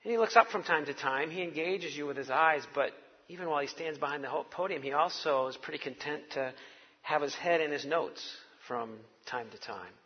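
A man's voice: a little high, a little fast, husky, long reverb tail, muffled recording. A man preaching a sermon to his congregation, telling it like a wry, conversational story. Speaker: pastor.

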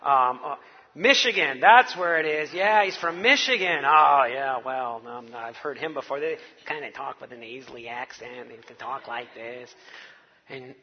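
Guy preaching, chatty and wry, bit higher voice, long echo, dull muffled sound. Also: animated, normal speed, breathy edge. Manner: conversational, wry storytelling to a congregation. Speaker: pastor. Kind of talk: sermon.

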